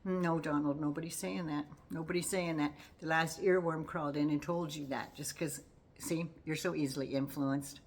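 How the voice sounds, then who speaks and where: An older woman with a low voice talks casually about politics. She is folksy and sassy, and she teases as she goes. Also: fairly even intonation, normal speed, a little hiss or hum. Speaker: political commentary vlogger.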